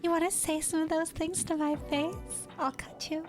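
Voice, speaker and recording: A woman voicing a prim, haughty young lady with a slow, posh, icy way of speaking. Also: extremely high pitch, steady tone, a little mellow, faint music behind, pitched above the performer's own voice. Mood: icy menace.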